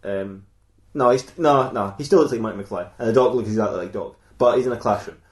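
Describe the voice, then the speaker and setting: This podcast host has a lowish voice and talks fairly quickly, improvising a comic story in an echoey room. He rambles, corrects himself as he goes, and laughs at his own jokes.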